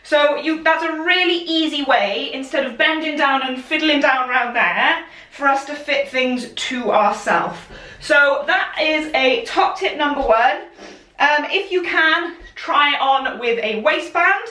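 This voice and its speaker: High-pitched, bright and forceful, this female sewing instructor keeps a measured pace during her live-streamed lesson. Moving around in front of the camera leaves her a little winded, but she stays chatty, encouraging and quick to laugh. Echo fills the room, and she's a bit far from the microphone.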